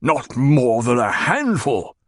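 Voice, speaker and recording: A man's voice: mid-range voice, very animated, slow, no room sound, studio quality. A man voicing a fat, pompous and petulant old baron who blusters and demands answers. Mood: blustering.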